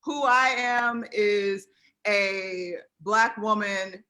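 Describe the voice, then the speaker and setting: A woman's voice: mid-range voice, very slow, pushed and bright. An American woman speaking as a guest on a live video chat, earnest and heartfelt, close to tears. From United States.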